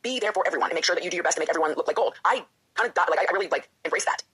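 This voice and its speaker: A woman speaks at a rapid clip, her voice husky and breathy throughout. She is a professional wrestler opening up in an interview, candid and emotional. She often slips into acting out the doubting voice in her own head. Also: fairly low pitch, a bit bright. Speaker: professional wrestler and author, guest.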